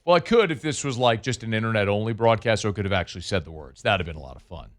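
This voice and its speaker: A middle-aged man hosting a sports talk radio show from a studio, talking in an animated, emphatic way that swings up and down. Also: on the low side, very fast.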